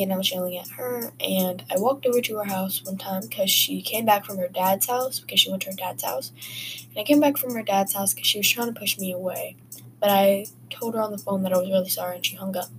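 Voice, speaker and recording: A woman's voice: mid-range voice, steady tone, brisk, a little hiss or hum, low-quality recording. A woman hosting a casual podcast, telling personal stories in a rambling, chatty way full of fillers. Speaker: podcast host. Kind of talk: casual storytelling.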